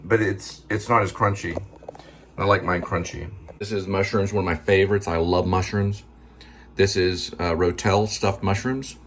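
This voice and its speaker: A man with a very low voice chats in a loose, rambling way, leaning on filler words as he eats on camera at home. Faint noise sits under his voice. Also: fairly bright tone. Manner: rambling, easygoing, many "like" fillers; talks while eating. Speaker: vlog host. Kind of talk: casual cooking and pet vlog.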